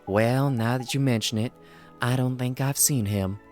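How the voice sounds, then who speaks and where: A man voicing a kindly older woman shopkeeper, soft and motherly, calling people dear. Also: mid-range voice, moderate pace, soft background music, close to an everyday voice.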